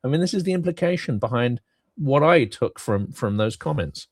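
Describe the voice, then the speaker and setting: A man co-hosting a political talk show, speaking in an articulate, measured way with some fillers. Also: medium pitch, animated, no echo, studio quality. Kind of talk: political commentary chat.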